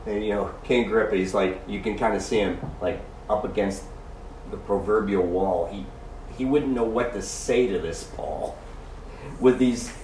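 A man's voice: lowish voice, normal speed, darkish tone, a little hiss or hum. A man preaching a sermon, reading scripture aloud and adding emphatic, chuckling asides. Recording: roomy echo from a distance.

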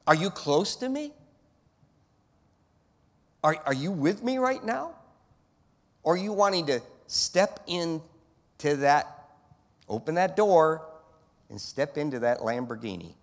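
A man's voice: on the high side, lively intonation, slow, long pauses. A man voicing God as a patient, fatherly figure who asks a sinner searching, pleading questions. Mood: probing. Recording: long hall reverb.

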